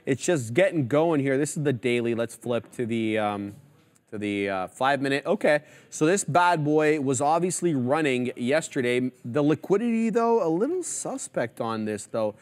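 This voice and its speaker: A man's voice: medium pitch, lively intonation, normal speed. A man hosting a live trading show, giving casual, chatty market commentary as he walks through stock charts. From Canada.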